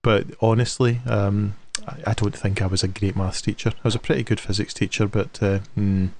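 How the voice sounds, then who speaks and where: A middle-aged British man co-hosting a casual podcast chat, self-deprecating and quick to chuckle, often restarting his sentences. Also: lowish voice, little pitch movement, darkish tone, a little hiss or hum. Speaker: podcast co-host.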